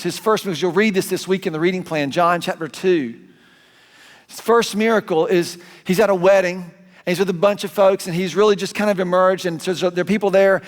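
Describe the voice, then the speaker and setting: A man with a Southern US accent preaching a sermon as a pastor, conversational and animated, correcting himself as he goes. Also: sits high. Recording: long hall reverb.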